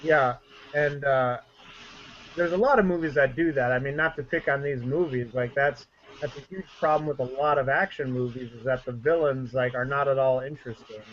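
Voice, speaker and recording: A man's voice: mid-range voice, moderate pace, a bit bright, slight background noise. A man co-hosting a casual podcast chat, thinking aloud and hedging his points. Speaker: podcast co-host. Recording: dull lo-fi audio with faint ambience.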